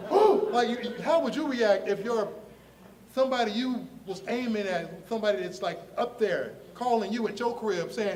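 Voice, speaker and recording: A man from Ohio, a comic artist telling his story in a lively, slangy way, laughing often and acting out the voices of the people in it. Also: high-pitched, moderate pace, far from the mic. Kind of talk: animated storytelling on a podcast.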